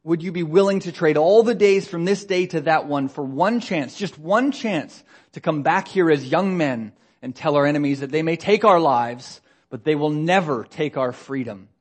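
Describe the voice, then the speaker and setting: A man's voice: fairly high pitch, lively intonation, moderate pace. A man voicing a defiant medieval warrior leader, giving an impassioned, pleading battle speech to his army. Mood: rousing.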